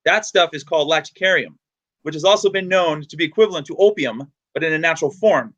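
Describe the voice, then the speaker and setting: A man from the United States hosting a podcast, chatty and energetic, telling stories. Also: fairly high pitch, quick pace, highs cut off. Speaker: podcast host. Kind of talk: casual podcast chat.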